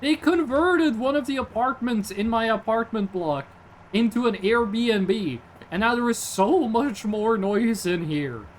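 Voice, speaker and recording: Jokey streamer, high lively voice. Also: male voice, unhurried, a little hiss or hum. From Norway. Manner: rambling, jokey, reacts to chat. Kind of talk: casual live-stream chat.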